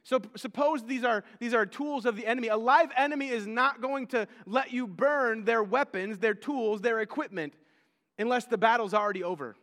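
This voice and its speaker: A man's voice: very high-pitched, normal speed, a bit bright. A male pastor preaching a sermon in a conversational way, often repeating words and acting out the figures he quotes. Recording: long hall reverb.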